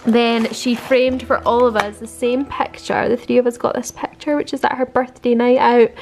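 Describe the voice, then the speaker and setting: A woman's voice: fairly high pitch, a little hiss or hum. A British woman in her twenties chatting casually to camera in a vlog, gushing and full of fillers. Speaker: vlogger. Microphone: handheld camera.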